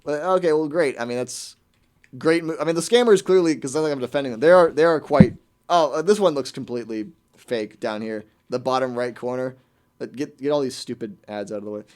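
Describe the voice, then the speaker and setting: A man hosting a radio show, ranting in a quick, exasperated way and putting on mock quotes during casual chat. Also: mid-range voice, darkish tone.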